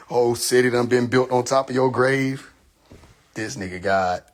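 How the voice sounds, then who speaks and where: Animated man ranting on a phone livestream. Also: mid-range voice, slow. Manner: animated, swears freely, laughs at his own jokes. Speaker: live streamer. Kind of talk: casual livestream rant.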